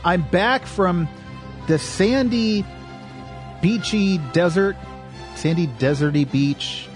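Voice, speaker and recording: A man's voice: high-pitched, slow pace, soft background music. A man hosting a podcast in casual, upbeat, joking chat at a microphone. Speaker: podcast host. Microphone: studio microphone.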